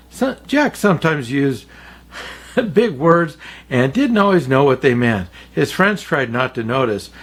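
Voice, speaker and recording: Man, storybook narrator, husky, animated pitch, chuckles at slips. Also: a little slow. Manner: warm, chuckles at his own slips. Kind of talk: read-aloud children's story.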